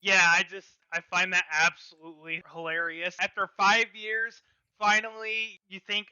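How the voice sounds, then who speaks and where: A guest on a casual gaming podcast, excitable and quick to laugh. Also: medium pitch, smooth, no room sound, dull audio. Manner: excitable, laughs into exaggerated reactions.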